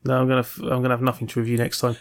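A man co-hosting a podcast, talking quickly in casual chat. His manner is dry and grumbling, and his pitch sits in the middle range. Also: completely flat delivery. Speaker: podcast co-host.

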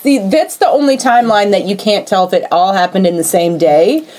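A woman's voice: mid-range voice, a little fast, darkish tone. A woman co-hosting a podcast in casual chat, making matter-of-fact points and dry quips. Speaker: podcast co-host.

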